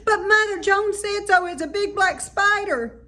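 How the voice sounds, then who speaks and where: A woman's voice: high-pitched, very animated, measured pace, fairly bright tone, voice pushed up, heavily acted. A woman voicing a squealing little girl who panics and insists she is right. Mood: insistent. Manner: squealing, wailing.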